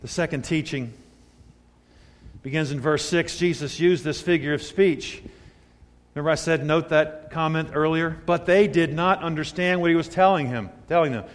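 A man in his sixties preaching a sermon, moving between loud emphatic peaks and hushed, quiet asides. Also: fairly high pitch, normal speed. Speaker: pastor. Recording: long hall reverb.

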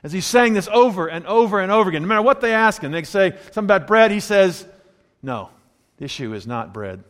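A man preaching a sermon in a conversational way, swinging between quiet, low asides and emphatic, rising points. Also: lively intonation, fast. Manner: conversational preaching, drops to a low murmur then rises emphatically. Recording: long hall reverb.

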